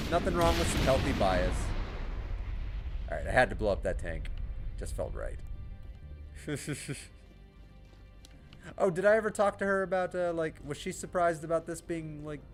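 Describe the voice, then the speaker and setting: A man's voice: fairly high pitch, fairly bright tone. Chatty man streaming a game. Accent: American. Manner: chatty, self-deprecating, laughs often. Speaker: gaming livestreamer. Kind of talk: casual gameplay commentary.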